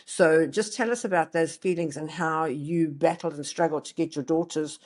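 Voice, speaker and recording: A woman's voice: sits low, fairly even intonation, normal speed, darkish tone. Encouraging South African woman host. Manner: encouraging, prompting questions. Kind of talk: interview.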